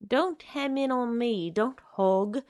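A woman's voice: fairly high pitch, slow, darkish tone, no room sound, studio quality. A woman voicing a menacing, wheedling young man. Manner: coaxing, then snapping; slangy. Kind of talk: dramatic story reading.

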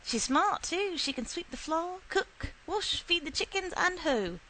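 A woman voicing a blunt, shrewd old country woman who speaks up loudly and insistently. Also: on the high side, lively intonation, a little slow, full character voice. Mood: doting.

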